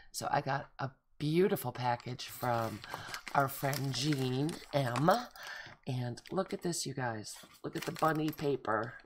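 A middle-aged woman with a gravelly, creaky edge to her voice, talking casually to her viewers. She gushes and gets excited over each little thing she shows, with frequent oohs and delighted exclamations. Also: extremely low pitch, a little hiss or hum. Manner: gushing, excitable, lots of oohs and gasps. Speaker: craft vlogger. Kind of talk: casual show-and-tell chat.

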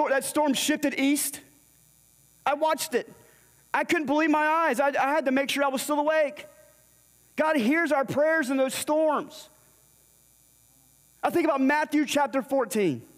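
High-voiced man preaching in a reverberant church. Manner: storytelling, acts out the dialogue in scripture. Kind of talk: sermon. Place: church sanctuary. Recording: long hall reverb.

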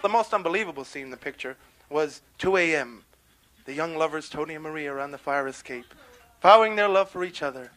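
On a 1970s live record with faint hiss, a young New Yorker performs stand-up on a club stage, brash and quick to jump into character voices. His pitch is fairly high, his intonation lively, and his tone a bit bright.

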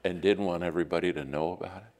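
A man preaching a sermon in a church, telling stories and acting out the quotes with lively shifts of voice. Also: sits low, very fast. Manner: storytelling with lively acted-out quotes. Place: church sanctuary. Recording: long hall reverb.

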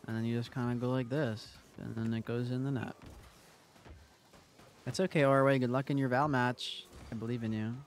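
A young man streams a game, chatting casually with viewers and teasing and joking between plays. His mid-range voice holds a steady tone at a moderate pace, with slight background noise. He tosses chatty, joking asides to chat as he plays.

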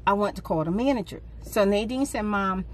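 A middle-aged woman vlogger telling a casual story, relaxed with sighing pauses, her voice jumping up when she acts out what others said. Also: a little hiss or hum. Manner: animated retelling, pitch jumps up for quoted speech.

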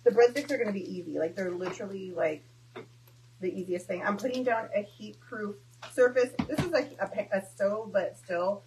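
A woman's voice: medium pitch, animated, brisk, noisy background. A young woman chatting and joking through a home cooking stream, tossing in Spanish words. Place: home kitchen.

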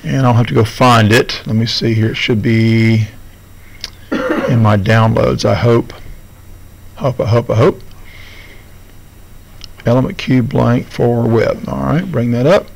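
A man's voice: medium pitch, unhurried, vocal fry, pauses often, poor audio. Casual male teacher walking through steps. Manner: casual, talks students through screen steps. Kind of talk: classroom video lesson.

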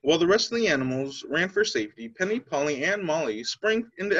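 Lively male teacher reading aloud. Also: a little high, quick pace, hardly any pauses. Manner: expressive, lively storytelling. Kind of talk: children's read-aloud. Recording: slightly dull lo-fi sound.

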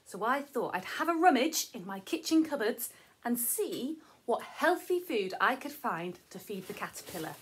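A woman teacher leads a children's lesson in a high, breathy voice that rises and falls in big playful sweeps. She talks slowly and spells out each word for little listeners. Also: big pitch swings. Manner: playful, sing-song, exaggerated for kids.

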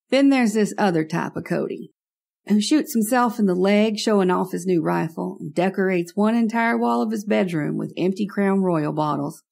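A woman's voice: fairly low pitch, gravelly, darkish tone. A woman narrating a first-person horror story in a wry, conversational way.

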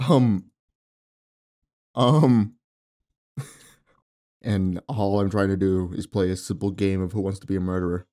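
A man's voice: deep voice, steady tone, a little slow, pauses often, warm tone. Joking young man playing a game. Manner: playful, joking, laughs often, reads game text aloud. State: sore mouth. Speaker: gaming YouTuber. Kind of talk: let's play commentary.

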